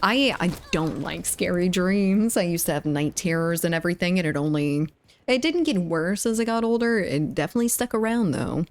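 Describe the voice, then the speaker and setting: A woman's voice: lowish voice, expressive, normal speed. A woman streaming a game, chatting casually and giggling as she reads chat aloud.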